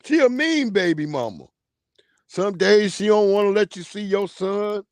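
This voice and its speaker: New dude ranting on a livestream, high voice for a guy, swears a lot, super dry sound. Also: a little slow, dry recording. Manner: animated, profane storytelling. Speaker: livestream host. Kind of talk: casual comedic rant.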